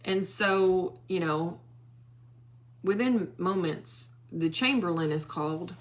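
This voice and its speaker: A woman leading a Bible study, walking listeners through a scripture story at an unhurried pace. Her voice sits a little low for a woman. She drops into animated quoted voices for the characters.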